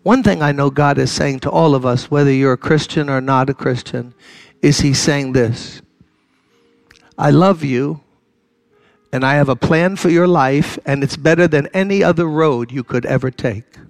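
Heard with no room sound, an older man with a medium-pitched voice delivers a sermon at a normal pace. He rises to loud, impassioned exhortation before settling back into conversational, direct appeals.

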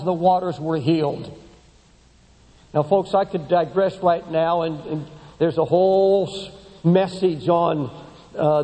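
A man delivers an impassioned sermon in a high, mellow voice, repeating words as he builds toward emphatic peaks before sinking low and slow. His voice carries a long reverb, as if it were recorded in a large sanctuary. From United States. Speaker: preacher.

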